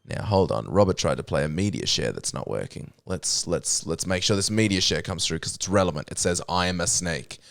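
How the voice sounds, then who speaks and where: A man's voice: low-pitched, animated, brisk, hardly any pauses. A man streaming a video game, chatting casually with crude jokes and plenty of swearing. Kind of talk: casual live-stream chat. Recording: clear background noise.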